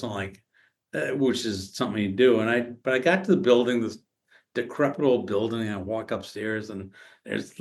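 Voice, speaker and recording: A man as a podcast guest, telling stories casually, halting and restarting often, with animated retellings. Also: lowish voice. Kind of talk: casual storytelling conversation.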